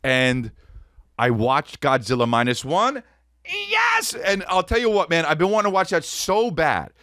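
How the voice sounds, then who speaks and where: A man hosting a podcast, telling a comedic story in an animated, profane way, close to the mic. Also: on the high side, normal speed, no room sound. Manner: animated, profane, peppered with "dude". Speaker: podcast host.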